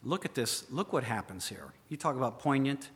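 A man preaching a dramatic sermon with a bright, forceful tone. He fires questions at his listeners and drops to a hush for effect. His voice rings with the long reverb of a large hall. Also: medium pitch, lively intonation, normal speed, husky. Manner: dramatic, questions the listeners directly, swings from loud to hushed.

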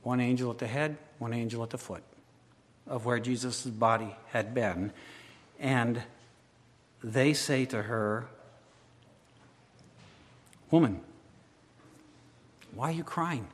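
A male preacher delivering a sermon, moving from hushed storytelling to loud, impassioned crescendos. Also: mid-range voice, fairly even intonation, a little slow, pauses often. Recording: long hall reverb.

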